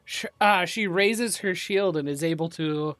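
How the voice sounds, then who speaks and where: A woman's voice: on the low side, measured pace, fairly bright tone, no room sound. A woman narrating a tabletop game as game master, often laughing as she goes.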